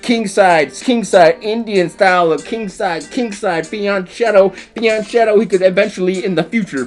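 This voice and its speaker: A man commentating a chess game as comedy, stuffing his lines with rhyming nonsense words and silly squeaky exclamations.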